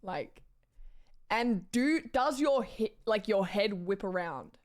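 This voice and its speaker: A talkative woman with an Australian accent, livestreaming and chatting off the cuff. She wanders between thoughts, stacking "like" fillers and cutting herself off mid-word, in an easygoing tone at a middle pitch. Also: lively intonation, slow pace. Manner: chatty and rambling, with frequent "like" fillers and self-corrections. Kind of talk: casual chat.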